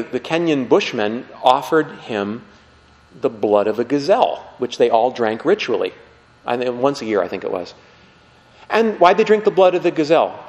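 A man preaching a lively, conversational sermon, acting out the people he quotes. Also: mid-range voice. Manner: animated, conversational, acts out quotes. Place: church. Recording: long hall reverb.

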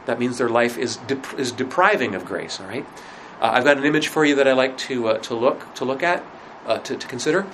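A man's voice: medium pitch, fairly quick, few pauses, a bit bright, slight background noise, rough recording. Man teaching a casual faith class. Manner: conversational, rhetorical questions, frequent fillers. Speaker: religion teacher.

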